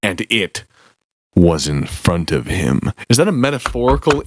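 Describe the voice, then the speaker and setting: A man hosting a podcast, reading fan fiction aloud in a slow, deadpan comedic way. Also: lowish voice, background noise. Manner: slow, deadpan, breaking into laughter.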